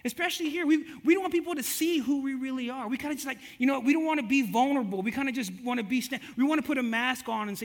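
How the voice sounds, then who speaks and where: A man's voice: very high voice, fast, few pauses, a bit bright. A middle-aged man preaching a sermon in a chatty, repetitive way, often restarting and acting out quotes. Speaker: pastor.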